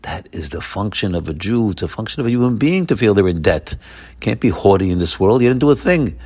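A man teaching a Torah class as a rabbi, emphatic, swinging between loud exclamations and low murmurs and repeating words for stress. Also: lively intonation, brisk, husky.

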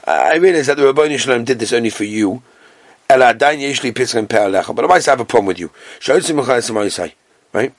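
A man teaching a Talmud class with Yeshivish Ashkenazi Hebrew pronunciation, reading the text and telling the story with animated storytelling. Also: fast talker, no echo, studio quality. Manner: animated storytelling, acting out characters with big jumps in pitch.

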